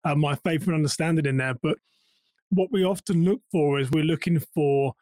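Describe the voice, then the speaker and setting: A man's voice: fairly high pitch, normal speed, darkish tone, no echo. A man hosting a podcast, asking rambling interview questions and repeating words as he forms them. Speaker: podcast host. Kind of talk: conversational interview.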